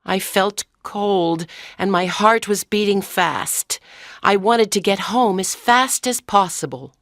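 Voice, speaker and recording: A woman narrating a graded-reader story for language learners in a clear, careful reading. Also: medium pitch, takes it slowly, fairly bright tone, no room sound, clean studio sound. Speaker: audiobook narrator.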